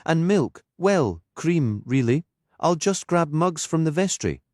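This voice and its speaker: A man's voice: a little high, big pitch swings, takes it slowly, a little mellow, no echo, studio quality, pitched above the performer's own voice. A man voicing a talkative, friendly middle-aged woman vicar in an audiobook. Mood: chatty.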